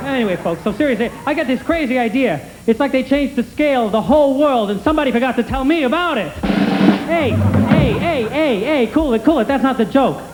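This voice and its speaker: Brash high-voiced stand-up comic man. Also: animated, a little fast, loud music behind the voice, poor audio. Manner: brash wisecracking patter, heckling the crowd. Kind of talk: comedy sketch stand-up routine.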